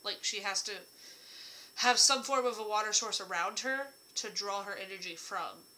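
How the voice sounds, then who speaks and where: Bright-voiced young woman, slightly hoarse. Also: mid-range voice, normal speed, rough recording. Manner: rambling, chatty, jokey asides. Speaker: writer describing her characters. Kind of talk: casual chat.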